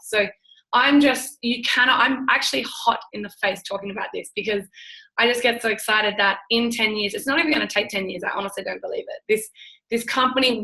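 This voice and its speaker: A young woman with a bright, fairly high voice pours out her story in a gushing, breathless rush. She keeps restarting her sentences as her enthusiasm runs ahead of her words. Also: low-quality recording. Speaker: guest, network marketing business builder. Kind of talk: excited live-stream chat.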